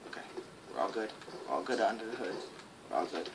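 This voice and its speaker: A woman giving excitable, jokey live commentary while playing a shooter game, with sudden high yelps. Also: fast, creaky. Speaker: gaming channel host. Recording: game noise behind.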